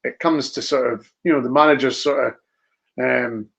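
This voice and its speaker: A man's voice: mid-range voice, steady tone, moderate pace, vocal fry, fairly bright tone. Rambling man chatting football, lo-fi. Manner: rambling, hesitant, laughs often. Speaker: podcast co-host. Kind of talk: casual football chat. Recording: dull lo-fi audio.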